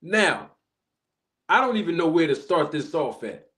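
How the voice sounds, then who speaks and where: A man hosting a live stream, chatting casually and giving animated shout-outs to viewers. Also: on the high side, unhurried. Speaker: livestream host.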